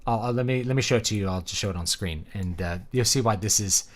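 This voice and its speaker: A man's voice: fairly low pitch, fast. A man who is a teacher and author, chatting casually and rambling while he plays a game, with lots of ums and opinions. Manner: rambling, opinionated, full of fillers. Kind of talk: casual chat over gameplay.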